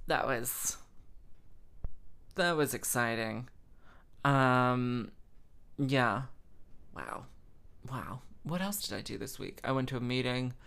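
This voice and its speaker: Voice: medium pitch, creaky, a bit bright, clear, resonant tone. Young host; loose, rambling, self-mocking weekly catch-up. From English Midlands. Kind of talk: casual chat.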